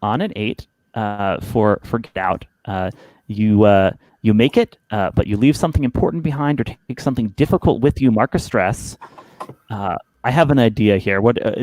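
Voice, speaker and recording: A man narrating as game master of a tabletop game, speaking haltingly with many fillers and restarts. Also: lowish voice, a little mellow, no room sound, poor audio.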